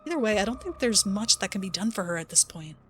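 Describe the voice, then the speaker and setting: A woman's voice: medium pitch, expressive, fast, faint music behind, lightly acted. A woman voicing a young female video blogger, talking to her viewers in a presenter style.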